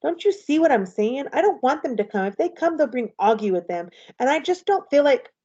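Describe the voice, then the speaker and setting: A woman's voice: a little high, moderate pace, warm tone, natural voice. A woman reading aloud and voicing an upset, fragile teenage girl who is close to tears, on a slightly dull, lo-fi recording. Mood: tearful.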